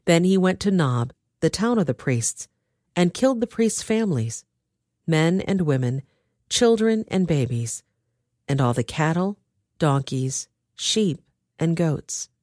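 A woman narrating a dramatized scripture reading with expressive storytelling. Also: low-pitched, no echo, clean studio sound.

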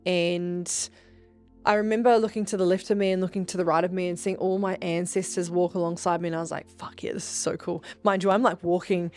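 Profane, excitable spiritual podcast host woman. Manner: animated, profane, bursts into high excited shouts when reenacting. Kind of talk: casual storytelling monologue.

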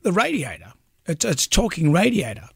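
A man's voice: high-pitched, huge pitch swings, a little fast, vocal fry, slightly rough, no room sound, studio quality. A man co-hosting a radio chat show, jokey and laughing easily. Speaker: radio co-host. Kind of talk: casual chat.

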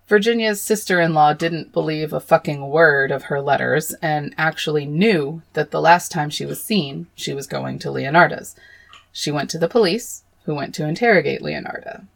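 True crime podcast lady, low gravelly fry voice, swears a lot when grossed out. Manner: blunt and swearing, with horrified outbursts. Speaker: podcast host.

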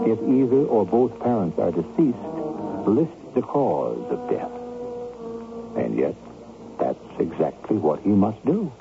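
Brief: male host narrator, low gravelly voice, old-time radio mystery. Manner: measured, ironic storytelling. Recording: tinny old radio broadcast with hiss.

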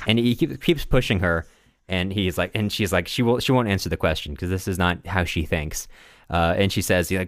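A man co-hosting a podcast, casually recapping a novel in a halting, rambling way with many restarts and frequent laughs. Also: deep voice, dry recording, studio quality. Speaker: podcast co-host.

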